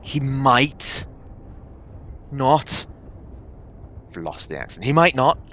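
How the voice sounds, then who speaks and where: An earnest woman field medic, as a man voices her in a tabletop game, presses a grieving officer with urgent, persuasive words. The voice is bright and edged, with a faint hum behind it. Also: mid-range voice, big pitch swings, takes it slowly, full character voice. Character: earnest woman soldier-medic consoling a corporal.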